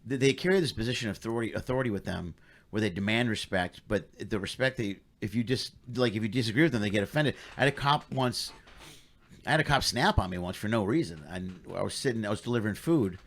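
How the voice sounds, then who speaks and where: Male podcast host, rapid and lively, acts out quotes in stories. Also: fairly low pitch. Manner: fast, excited, acts out shouted quotes. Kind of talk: casual chat, animated storytelling.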